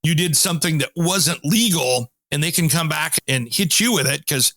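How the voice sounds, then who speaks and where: A man's voice: on the high side, moderate pace, dry recording. A man hosting a home improvement show, telling stories in a casual chat and acting out the people he quotes. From Pacific Northwest, US. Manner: animated storyteller, acts out quotes.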